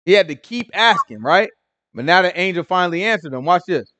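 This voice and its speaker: Animated, casual male Bible teacher. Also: high-pitched, fairly quick, no echo. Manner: animated, slangy, keeps asking listeners "right?". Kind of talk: conversational Bible study teaching.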